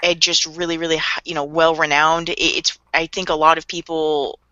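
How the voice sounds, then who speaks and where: A woman co-hosting a casual podcast chat, animated and laughing often, acting out quotes in playful voices. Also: low voice, moderate pace, dry recording, muffled recording. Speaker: podcast co-host.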